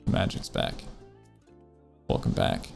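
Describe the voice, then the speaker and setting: A man putting on the voice of a late-night radio DJ, speaking in a low, breathy murmur. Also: a little slow, faint music behind, lightly acted. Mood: smooth.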